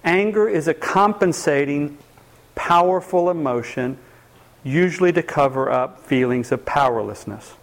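A man's voice: fairly high pitch, a little slow. A man giving a live talk on anger to an audience, asking them questions and acting out what people say. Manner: lively, asks the audience questions, acts out quoted voices. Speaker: speaker teaching a workshop on anger.

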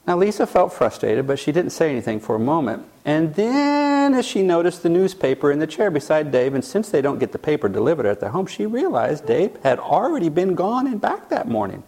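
A man's voice: a little high, big pitch swings, a little fast, hardly any pauses, warm tone. A man teaching a class, telling a case story and then asking the audience questions. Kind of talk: storytelling lecture.

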